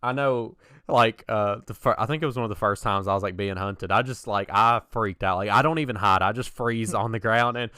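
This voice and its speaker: A man's voice: lowish voice, a little fast, bright, forceful tone, smooth, dry recording. A young man co-hosting a casual podcast, telling gaming stories in a chatty way and laughing at his own tales, on a close mic. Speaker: podcast co-host.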